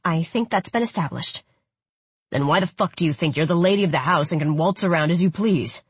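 A hulking, domineering man growls and mutters his threats low and hard, as a woman narrator puts him on. The voice sits deep and grainy, a husky storybook menace. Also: brisk, no echo. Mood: threatening.

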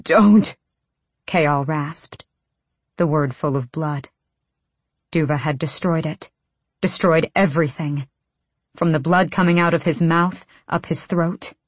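A woman narrating an audiobook in a dramatic, measured, intense way. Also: sits low, steady tone, no echo.

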